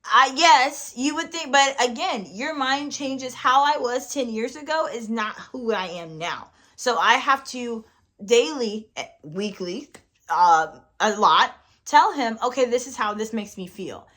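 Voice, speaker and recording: A woman's voice: a little high, animated, slow pace, bright, forceful tone. A woman co-hosting a faith-based podcast with her husband, talking in an earnest, encouraging way about relationships. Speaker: podcast co-host. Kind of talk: faith-based casual chat.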